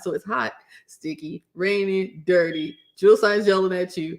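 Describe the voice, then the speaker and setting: A woman's voice: mid-range voice, normal speed. Chatty woman telling stories. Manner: lively, laughs often, acts out quotes in raised voice. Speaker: former soldier telling her own stories. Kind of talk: casual storytelling vlog.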